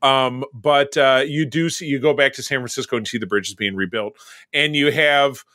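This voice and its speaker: A man's voice: medium pitch, moderate pace, sharp tone, dry recording, studio quality. A man co-hosting a casual film podcast, rambling through scene recaps in a conversational way. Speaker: podcast co-host. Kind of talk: casual movie discussion.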